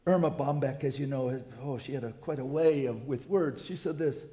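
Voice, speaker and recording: An older man preaching a sermon as pastor, swinging from quiet asides to loud emphatic peaks. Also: medium pitch, fairly quick, few pauses, reverberant.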